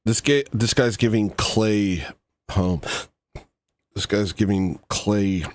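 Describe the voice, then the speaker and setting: A man with a fairly low voice, recorded dry and close with no room sound. He hosts a livestream and rambles through mock-serious commentary, wandering into asides and half-finished thoughts. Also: slow pace, no room sound. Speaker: livestream host reacting to a video.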